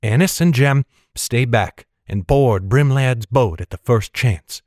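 Man doing young heroine, calm, resolute, audiobook figure, dry close sound. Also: mid-range voice, takes it slowly, dry recording. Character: young woman heroine, steady under pressure.

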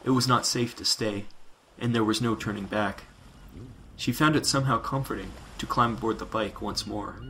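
A man narrating science fiction in a measured, dramatic reading. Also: on the low side, a crowd in the background, low-quality recording.

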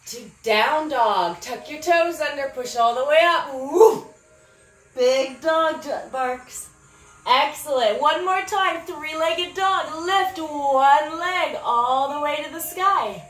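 A woman's voice: high-pitched, takes it slowly, a bit bright, reverberant, faint music behind, rough recording. A woman teaching preschool yoga, encouraging and sing-song, making animal sounds as she guides the poses. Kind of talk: guiding a preschool yoga class.

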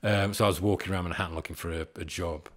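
A man's voice: deep voice, steady tone, rapid-fire. A man in his forties, a podcast guest telling stories in a rambling, self-deprecating way with frequent chuckles. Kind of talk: casual storytelling chat.

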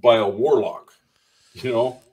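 A man speaking as a guest minister, telling lively testimony stories and acting out the voices of the people in them. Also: medium pitch, a little slow, distant mic, low-quality recording. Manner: animated storyteller who acts out the voices in his anecdotes. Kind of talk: conversational testimony storytelling.

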